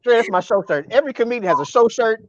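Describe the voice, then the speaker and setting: A man's voice: very high-pitched, very fast, highs cut off. A man, a comedian guest, telling a funny road story in casual chat and acting out the people in it. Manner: animated, mimics voices and groans.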